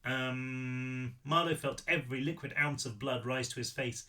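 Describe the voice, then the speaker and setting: A man reading his own novel aloud, animated, with big swings in pitch. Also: unhurried, hardly any pauses. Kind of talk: audiobook-style read-through.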